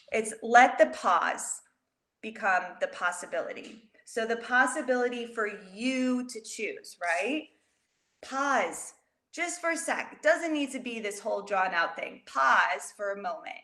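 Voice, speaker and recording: Animated woman teaching kids, roomy sound. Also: fairly high pitch. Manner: animated, expressive, talks directly to children. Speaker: educator teaching children. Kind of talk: storytelling lesson for kids. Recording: roomy echo.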